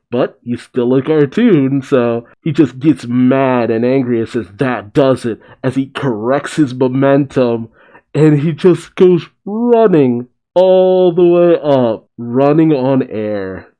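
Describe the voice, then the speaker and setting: A man giving casual reaction commentary on a comic chapter. He gets excitable, swears, and laughs often. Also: medium pitch, slow pace. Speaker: reaction video host.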